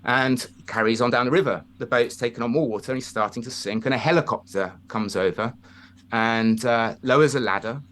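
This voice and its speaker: A man's voice: medium pitch, fairly quick, slight background noise. A man talking as a guest in a casual conversation, telling stories and acting out the voices in them. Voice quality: animated storyteller, acts out quoted voices.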